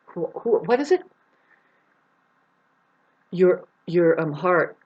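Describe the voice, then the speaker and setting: A woman talking in a rambling, meandering monologue, jumping between loud bursts and low mutters and swearing freely. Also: big pitch swings, slow pace, long pauses, husky. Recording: dull lo-fi sound.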